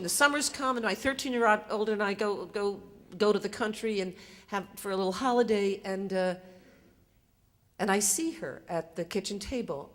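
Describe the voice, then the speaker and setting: An older woman telling a personal story live on stage, in a conversational, self-mocking way with lots of fillers. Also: medium pitch. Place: theater stage. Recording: live stage recording in a reverberant hall.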